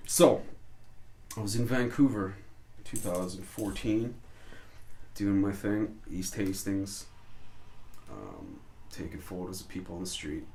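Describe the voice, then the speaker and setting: A man's voice: low-pitched, slow pace, creaky, long pauses. A man, a street photographer, telling stories loosely in an interview and swearing a lot. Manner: loose, swearing, animated storytelling. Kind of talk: casual storytelling interview. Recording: echoey room with faint noise.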